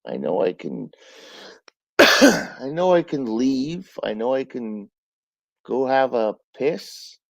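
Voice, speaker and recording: A man chats on his own livestream in a slow, unhurried drawl, blunt and profane, with an occasional cough. He sounds like he has been drinking through the night. His voice sits in an ordinary middle pitch and is recorded dry and close. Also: very animated, gravelly, fairly bright tone, dry recording. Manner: blunt and profane, says he is not cranky; talks slowly with pauses and coughs. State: drinking beer since the night before. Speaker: livestream host. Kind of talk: casual livestream chat.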